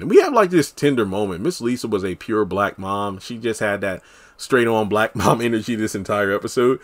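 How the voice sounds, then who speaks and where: A man casually recapping a TV episode as a solo reviewer, chatty and animated, acting out characters' lines. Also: fairly low pitch, brisk. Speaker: TV show reviewer.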